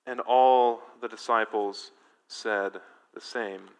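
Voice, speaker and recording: A male pastor preaching a sermon in an animated, emphatic way, engaging his congregation directly. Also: mid-range voice, a little slow, smooth.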